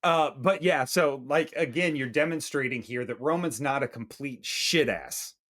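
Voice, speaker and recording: A man co-hosting a movie review podcast in casual chat, swearing freely and tossing in quick asides. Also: mid-range voice, a bit bright. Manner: profane, chatty, quick asides.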